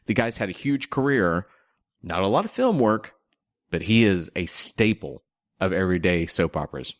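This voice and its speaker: Man, podcast co-host, low voice, dry studio sound, detail-minded casual chat. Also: big pitch swings, moderate pace, dry recording. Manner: detail-minded film analysis, thinking aloud.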